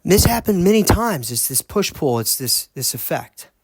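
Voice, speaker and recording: A man hosting a podcast, earnestly telling a personal story in a halting way, often restarting his sentences. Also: on the high side, very animated, husky, no room sound. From United States. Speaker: podcast host.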